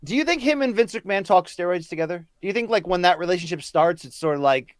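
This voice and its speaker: A man with a fairly high, very animated voice, teasing and firing off questions at his co-host. The sound is close and dry. He co-hosts a casual live watch-along. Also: quick pace, no room sound.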